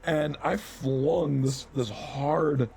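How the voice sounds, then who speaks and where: A man's voice: mid-range voice, fairly even intonation, extremely slow, vocal fry, a little mellow, a little hiss or hum. Laughing storyteller man, casual podcast. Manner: rambling storyteller, laughs often. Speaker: podcast co-host. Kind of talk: casual chat.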